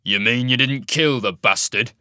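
A man doing a raspy, angry talking wolf. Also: medium pitch, moderate pace, pushed and bright, dry recording, clean studio sound.

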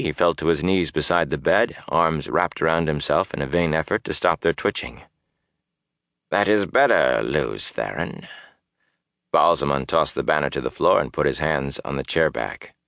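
A man reading a fantasy audiobook in a measured, grave, unhurried way. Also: low-pitched, fairly bright tone, dry recording, clean studio sound. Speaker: audiobook narrator. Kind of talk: scripted fantasy audiobook narration.

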